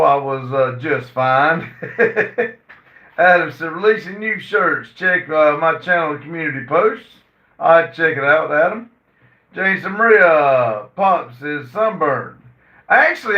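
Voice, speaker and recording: A man hosting a casual livestream, reading viewer comments aloud and answering them with many "uh" fillers. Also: on the high side. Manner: reads chat messages aloud and answers them; halting, frequent "uh" fillers. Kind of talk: casual chat. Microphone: phone. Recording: roomy, distant and dull phone audio.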